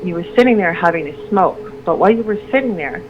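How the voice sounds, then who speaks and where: Speaking quickly in a fairly low voice, this middle-aged woman shares a personal story on the radio as a guest. Her telling wanders and she keeps starting sentences over, livening up whenever she repeats what others said. Audio quality is lo-fi, with clear background noise.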